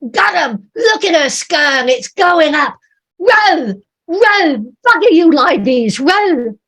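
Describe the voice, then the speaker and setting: A woman voicing a male sailor who shouts urgent orders from a lifeboat in a storybook reading. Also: high voice, big pitch swings, slow, voice pushed up, heavily acted. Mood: urgent shouting.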